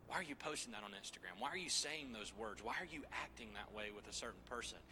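Preacher in his 30s, jokey casual sermon voice, really bright tone. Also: on the low side, fast, a little hiss or hum. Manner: joking, lively asides to the congregation.

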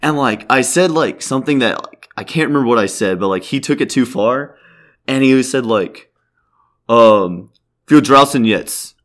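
A young man spins a rambling anecdote in relaxed podcast chat. His voice sits at an ordinary pitch. He swears freely, leans on "like" constantly and keeps laughing through the story. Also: moderate pace. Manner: rambling, profane, many "like" fillers. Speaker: podcast host telling a story.

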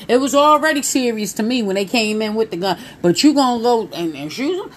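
A woman in her thirties telling viewers a personal story in a casual, animated way, talking straight to them. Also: on the high side, moderate pace, hardly any pauses.

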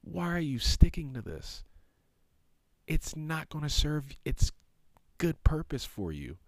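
A man voicing a stern, exasperated God scolding a prophet, in a high strained half-whisper and insisting over and over. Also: very animated, takes it slowly, no echo, heavily acted.

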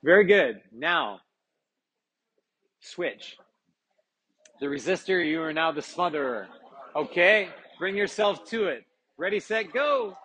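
A man leading a live group workshop as a yoga teacher, giving brisk, encouraging instructions and acknowledging each answer with a quick "okay, very good.". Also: fairly high pitch, lively intonation, pushed and bright. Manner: laughs often while checking in with participants. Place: live session at a retreat.

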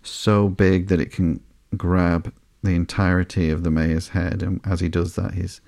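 A man hosting a podcast, reading through a comic book in a slow, sleepy, monotone way with soft fillers. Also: deep voice, gravelly, no echo, clean studio sound. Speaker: podcast host.

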